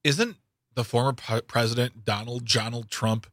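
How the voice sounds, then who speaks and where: A man co-hosting a radio talk show, animated and sarcastic, often stumbling and restarting his sentences. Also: medium pitch, moderate pace, dry recording, clean studio sound. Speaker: radio co-host.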